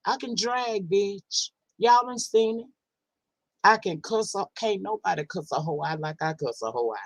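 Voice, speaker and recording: A woman talks casually on her livestream, answering chat in a blunt, sassy, heavily profane way. She stretches words out when she wants to make a point. Her voice sits at a middling pitch, and the sound is close and dry, with no room echo. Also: animated, moderate pace. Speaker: livestream host. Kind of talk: casual livestream talk, reading chat comments.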